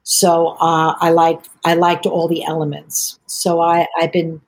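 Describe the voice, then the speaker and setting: An older woman appears as a guest in a podcast conversation, chatting about her tea business and wandering from one story to the next. Her voice sits a little low for a woman and stays monotone and unhurried.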